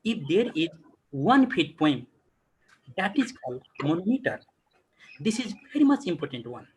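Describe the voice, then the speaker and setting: Guy lecturing on a video call, husky voice, pitch jumps all over, keeps asking "what?" then answering himself. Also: very animated. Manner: asks rhetorical questions and answers them himself; repetitive, halting phrasing with many fillers. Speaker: college lecturer. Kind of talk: online class lecture.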